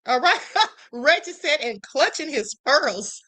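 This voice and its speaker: A woman's voice: high-pitched, animated, unhurried, bright, forceful tone. A woman hosting a live stream, chatting opinionated commentary straight to her viewers.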